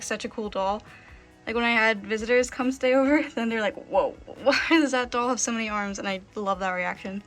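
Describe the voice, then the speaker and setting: Young woman, vlogger, slightly high pitch, gushing casual chat, lots of fillers, soft background music. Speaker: vlogger, doll collector. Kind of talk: casual show-and-tell chat.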